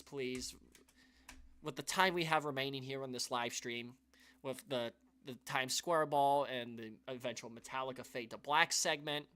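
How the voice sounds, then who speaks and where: A man's voice: medium pitch, a bit bright, clear, resonant tone. A man hosting a live stream, talking to his viewers in an earnest, rambling way, full of restarts and sighs, and emotional. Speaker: YouTube channel host.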